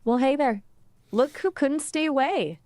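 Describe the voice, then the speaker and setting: A woman's voice: high voice, lively intonation, a little slow, darkish tone, no echo, faint music behind. A woman's voice of an AI chatbot, friendly, playful and polite, adding small disclaimers. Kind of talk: conversational AI companion.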